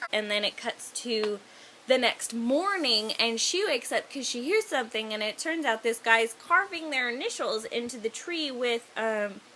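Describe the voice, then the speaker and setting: A woman with a high, bright voice rambling through a film's plot in a casual vlog. She strings her telling along with constant "like" and "um," and there is a faint hiss behind her. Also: expressive, moderate pace. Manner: rambling, full of "like" and "um". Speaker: vlogger. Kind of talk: casual film retelling.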